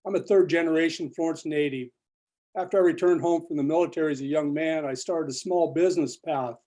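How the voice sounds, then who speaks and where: A man with a somewhat high but mellow voice delivers a prepared campaign statement. He speaks briskly and keeps to the point. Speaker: candidate. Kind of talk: opening statement at a forum.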